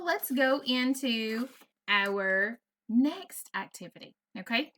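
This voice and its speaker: Bright-voiced teacher sounding out words slowly. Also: female voice, on the high side. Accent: Southern US. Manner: slow, exaggerated sounding out of words for children. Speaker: first grade teacher. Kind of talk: virtual classroom lesson.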